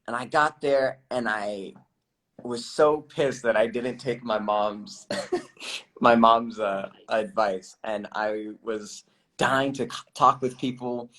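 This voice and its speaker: Young man, casual, laughs a lot. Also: mid-range voice. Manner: relaxed, laughs often, many fillers and restarts. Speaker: actor guest. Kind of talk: casual livestream interview.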